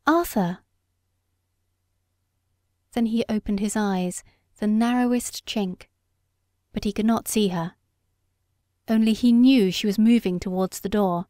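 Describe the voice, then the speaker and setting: Woman narrating an audiobook, measured. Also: medium pitch, dark tone, dry recording, clean studio sound. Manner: measured, unhurried storytelling. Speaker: audiobook reader. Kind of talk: scripted narration.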